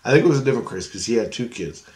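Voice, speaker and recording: A man's voice: medium pitch, lively intonation, racing, noisy background. A man telling a rambling story to camera in a casual way, laughing often and losing his thread. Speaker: vlogger.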